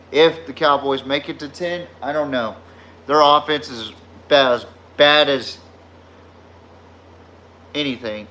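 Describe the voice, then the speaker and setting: A slow, unhurried man with a deep Southern drawl hosts a laid-back sports podcast. His voice is bright and forceful, and he wanders through loose, swear-heavy stories. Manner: rambling, profane storytelling. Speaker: podcast host. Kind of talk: casual sports podcast chat.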